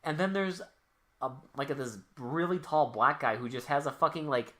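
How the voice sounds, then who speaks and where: A man's voice: fairly high pitch, normal speed, fairly bright tone. A man co-hosting a podcast, recapping a movie in casual chat, swearing freely and acting out the characters' lines. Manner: profane, joking, acts out characters' lines. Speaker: podcast co-host.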